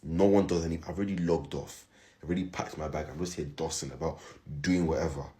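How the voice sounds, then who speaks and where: Deep-voiced weary man rambling. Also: steady tone, quick pace, mellow. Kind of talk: casual vlog chat.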